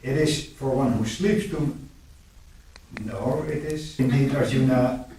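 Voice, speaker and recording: A male student reads a verse aloud in a slow, halting way, with a warm, mellow tone. He sits far from the mic, and the room rings with a strong echo. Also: mid-range voice, a little hiss or hum. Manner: slow, halting reading with a restart. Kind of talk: reading a verse translation aloud.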